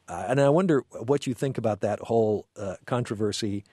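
A man hosting a radio talk show, speaking in a measured way with frequent fillers and self-corrections. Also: mid-range voice, dark tone, dry recording, studio quality. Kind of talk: radio interview.

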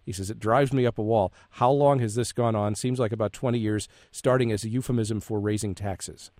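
Measured male radio host, dry studio. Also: lowish voice, fairly even intonation, a little mellow, no room sound. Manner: measured, reads numbers slowly. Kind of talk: public radio hosting.

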